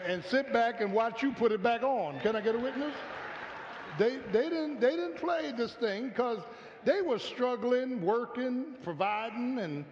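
A male pastor preaching a sermon in a church, calling for response from the congregation and repeating his words as he builds. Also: sits high. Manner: call-and-response preaching with repeated stammered phrases. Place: church sanctuary. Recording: echoey hall, dull lo-fi sound.

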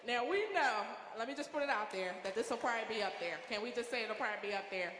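A woman's voice: a little high, lively intonation, fast, fairly bright tone. A woman hosting a game show at a church event, chatty and playful, with apologetic asides to the contestants. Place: large church hall with a congregation. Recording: echoey hall with long reverb and crowd noise.

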